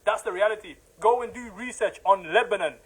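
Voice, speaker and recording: Impassioned high-voiced male preacher. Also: brisk, slightly rough, poor audio. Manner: emphatic, repetitive, rising to heated outbursts. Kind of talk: impassioned religious lecture.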